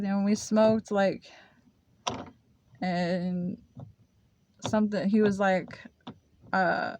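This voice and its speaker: Young woman vlogger, casual confessional storytelling, flat even pitch, dry close sound. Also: dry recording. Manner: halting, full of fillers and restarts; confessional, emotional.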